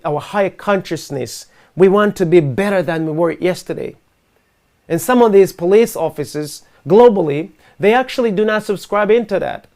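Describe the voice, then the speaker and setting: A man with a high-pitched voice hosts a live online talk show. He speaks in an earnest, emphatic way and presses his case through rhetorical questions and repetition. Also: vocal fry, darkish tone. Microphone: video call setup.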